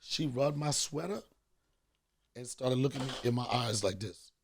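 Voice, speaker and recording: A man's voice: medium pitch, expressive, unhurried, vocal fry, slight background noise. A middle-aged man hosting a podcast, telling a profane comic story with lots of animation and acted-out voices. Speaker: podcast host. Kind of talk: comedic storytelling.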